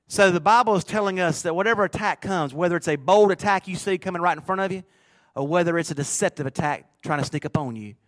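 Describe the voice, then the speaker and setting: A middle-aged man preaching a sermon in a church, rising to loud bursts and dropping to soft, low asides. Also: dry recording, studio quality. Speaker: pastor.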